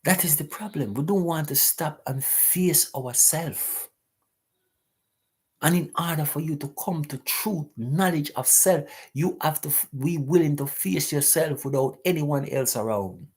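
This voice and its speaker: A man's voice: on the high side, measured pace, darkish tone, husky. A man hosting a live talk stream, preaching emphatically and repeating rhetorical questions to his listeners.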